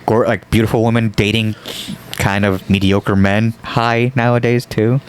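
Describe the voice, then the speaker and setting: A man's voice: on the low side, level tone, normal speed, a little hiss or hum. A man hosting a comedy podcast who rambles, asks the guest questions and slips into goofy voices for jokes. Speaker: podcast host. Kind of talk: casual podcast banter.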